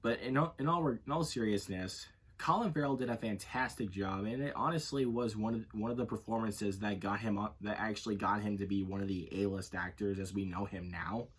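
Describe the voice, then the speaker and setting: A man's voice: lowish voice, fairly quick, few pauses, slightly rough. A man giving a casual, unscripted movie review, rambling and correcting himself as he goes. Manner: rambling, self-correcting, leans on filler phrases.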